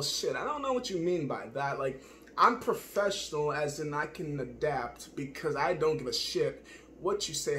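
A man with a somewhat high voice improvises a spoken-word monologue. He rambles and circles back on his thoughts, searching himself out loud. His speech is blunt and full of swearing. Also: slight background noise. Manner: rambling, profane, self-searching.

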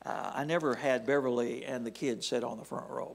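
A male pastor preaching a sermon in a church, deliberate and measured, often dropping his voice to a near whisper at the end of phrases. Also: mid-range voice, fairly even intonation, gravelly, a little hiss or hum. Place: church sanctuary.

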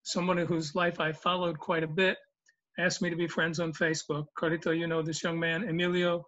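A man in his seventies, a regular joke teller, delivers the joke of the day in a folksy, rambling way packed with ums and uhs. His voice sits on the high side with a level, slightly bright tone and a brisk pace, and the audio is dull.

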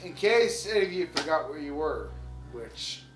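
A man's voice: fairly high pitch, very animated, moderate pace, distant mic. A tipsy young man hosting, reading a book aloud with crude, joking, rambling asides. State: tipsy from whiskey. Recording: roomy, off-mic, faint music.

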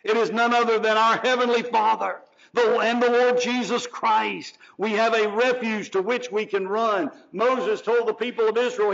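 High-voiced pastor preaching, dull recording. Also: male voice. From Georgia, US. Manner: preaching with sharp swings from loud to hushed, drawn-out phrases. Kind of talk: sermon.

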